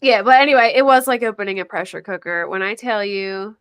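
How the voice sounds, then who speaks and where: A woman's voice: medium pitch, a little fast, fairly bright tone, clean tone, no room sound, studio quality. Chatty Philadelphia woman telling a story. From Pennsylvania. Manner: chatty and rambling, laughs often, says "like" a lot. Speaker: panelist. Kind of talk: casual storytelling on a live panel.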